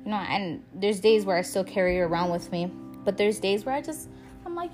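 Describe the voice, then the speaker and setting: Over loud music, a young woman podcaster delivers a brisk, animated personal monologue in a mid-range voice. She opens up about her life candidly and emotionally, swearing freely and laughing from time to time.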